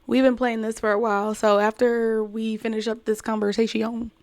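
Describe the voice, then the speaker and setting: A woman's voice: on the high side, little pitch movement, moderate pace, darkish tone, no room sound. A young woman streaming a game, giving casual, self-mocking commentary between voiced lines. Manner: laughing, self-mocking asides. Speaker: gaming streamer.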